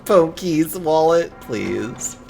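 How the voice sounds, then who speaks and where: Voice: medium pitch, lively intonation, drawn-out words, vocal fry, mellow, faint music behind. A game streamer chatting casually while playing, swearing freely and laughing often. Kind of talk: casual live-stream chat.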